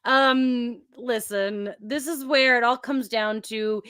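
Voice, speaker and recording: A woman's voice: a little high, fairly even intonation, slow, fairly bright tone, clear, resonant tone, dry recording, clean studio sound. A woman co-hosting a podcast, chatting casually and enthusiastically about a TV episode and laughing often. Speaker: podcast co-host. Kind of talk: casual chat recapping a TV episode. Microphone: remote call mic.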